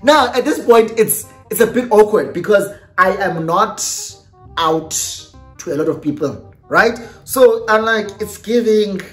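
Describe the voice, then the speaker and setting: A young adult YouTuber with a South African accent, telling a story in a lively storytime vlog and switching between English and Xhosa. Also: medium pitch, unhurried. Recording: roomy echo with faint music.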